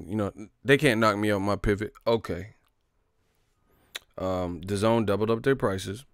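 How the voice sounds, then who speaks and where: A man's voice: fairly low pitch, a little slow, clear, resonant tone, no room sound, clean studio sound. A man, a boxing vlogger, giving casual, joking commentary full of slang and profanity.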